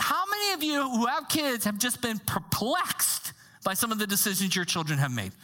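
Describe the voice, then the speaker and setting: A woman pastor delivering a sermon in an animated, conversational way, sometimes dropping to a hushed tone for emphasis. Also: a little high, moderate pace. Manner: animated, conversational preaching with acted quotes.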